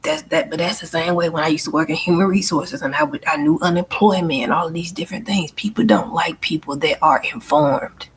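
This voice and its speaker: A woman's voice: on the low side, lively intonation, fairly quick, few pauses, slight background noise. A woman hosting her own channel, venting bluntly and emphatically in a casual monologue, often swearing and repeating herself. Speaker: channel host and life coach.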